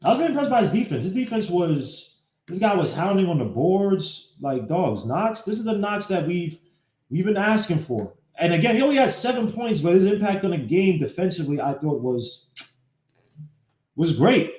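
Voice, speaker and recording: A man hosting a casual live-streamed sports podcast, breaking down game clips and greeting viewers by name in an animated way. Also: high-pitched, normal speed. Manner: talks while fumbling with his computer. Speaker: podcast host. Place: home setup, live streaming. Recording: echoey room.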